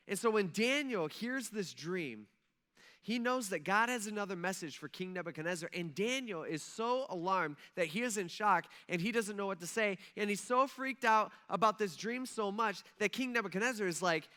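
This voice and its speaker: A male pastor preaching a conversational sermon in a church, animated and checking in with the congregation with "okay?" and "right?". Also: high-pitched. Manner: animated, acts out quoted voices, frequent "okay?" and "right?". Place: church sanctuary.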